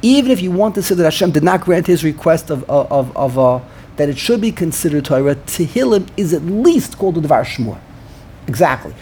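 Man, higher voice, casual study talk, explains by restating, slight room noise. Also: sing-song, brisk, a little mellow. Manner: explanatory, repeats words while thinking. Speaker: Torah study participant.

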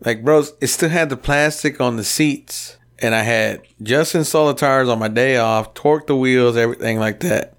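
A man's voice: medium pitch, moderate pace, hardly any pauses. A man in his thirties, co-hosting a podcast, telling crude garage stories in casual chat and acting out the quotes. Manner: profane, rowdy storytelling with acted-out quotes. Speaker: podcast co-host.

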